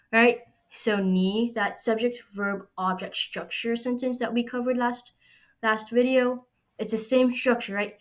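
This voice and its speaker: A woman explaining a recorded language lesson patiently, step by step. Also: medium pitch. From United States. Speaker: Chinese language teacher.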